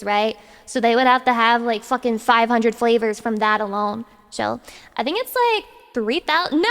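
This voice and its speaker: A high-pitched woman streaming live and bantering with her chat in a playful, theatrical way, reading messages aloud and cursing along the way. Her voice carries a long, hall-like reverb. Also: a bit bright. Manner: playful and dramatic, reads chat aloud and swears.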